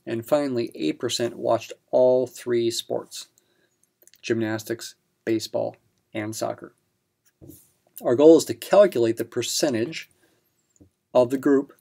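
Male math instructor, gravelly voice at an average pitch, patient step-by-step delivery. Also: warm tone. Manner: patient step-by-step explanation with fillers. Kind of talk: explaining a practice problem.

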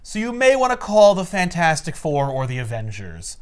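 A man voicing an overwhelmed young male superhero with wry, deadpan asides. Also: a little high, moderate pace, clean tone.

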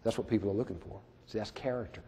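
A man's voice: lowish voice, fairly even intonation, rapid-fire, mellow. A man, a sheriff and police trainer, telling a story in a folksy, conversational training talk. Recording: echoey hall.

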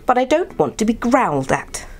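A woman voicing a young male polar bear cub in a storybook, earnest and kind, in a raised bright voice. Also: on the high side, big pitch swings, moderate pace, pitched above the performer's own voice. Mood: indignant.

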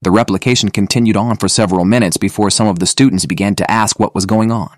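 A man reads an audiobook in a steady, measured manner. His voice is on the low side, recorded in a studio with no room sound.

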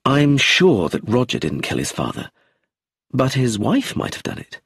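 A man narrating an audiobook in first person, plain and clear. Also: medium pitch, huge pitch swings, a little slow, a bit bright, dry recording, clean studio sound.

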